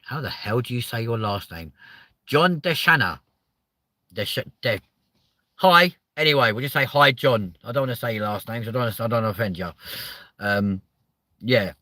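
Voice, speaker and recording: A man's voice: mid-range voice, lively intonation, normal speed, pauses often, no room sound. A man hosting a comedic chat show, ranting and swearing constantly as he reacts to viewer comments. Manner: loud exasperated outbursts. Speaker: host.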